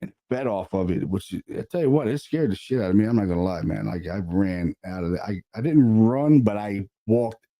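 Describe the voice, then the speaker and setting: A man, a paranormal investigator, casually telling a story about an investigation, animated and sprinkled with swearing and fillers. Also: on the low side, brisk, few pauses.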